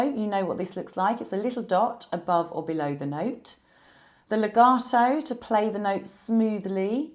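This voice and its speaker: A woman teaching a beginner piano lesson, explaining musical symbols patiently and clearly. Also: fairly low pitch.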